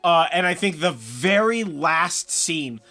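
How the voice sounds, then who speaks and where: High, bright-voiced young man chatting. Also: lively intonation, vocal fry, soft background music. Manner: quick, laughing, acts out quotes. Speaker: podcast co-host. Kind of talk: casual review chat.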